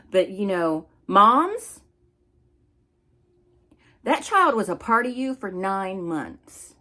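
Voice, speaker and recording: A woman's voice: fairly low pitch, fairly bright tone. Angry woman ranting with heated scolding. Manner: heated, scolding, blunt with swearing. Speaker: commentary channel host.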